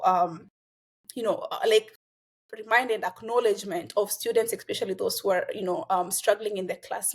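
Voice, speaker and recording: A young woman from Kenya, talking earnestly as a guest in a casual conversation and filling pauses with "you know" and "like.". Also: mid-range voice, husky. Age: young adult.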